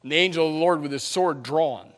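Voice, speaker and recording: A man preaching a sermon in an animated, emphatic way, often repeating words as he starts a sentence. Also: on the high side, fairly quick. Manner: animated, emphatic preaching with sudden loud peaks.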